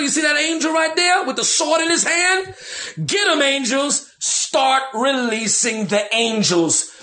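High, bright-voiced male pastor, lively slangy preaching, echoey room. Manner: animated, slangy, quotes himself. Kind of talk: preaching on deliverance.

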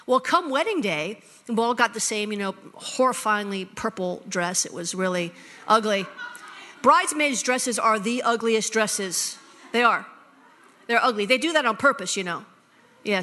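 A middle-aged woman pastor tells a personal story from the pulpit, slipping into the voices of both sides of a conversation. Her voice is high and bright. The sound carries a long reverb from a large hall. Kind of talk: sermon storytelling.

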